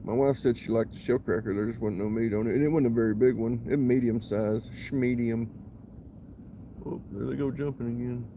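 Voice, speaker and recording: Man, live-stream fisherman, mid-pitched, easygoing chatter outdoors. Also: fairly even intonation, brisk, dark tone, a little hiss or hum. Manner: chatty, mutters to himself between greetings to viewers. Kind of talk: casual live-stream commentary. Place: outdoors at a creek.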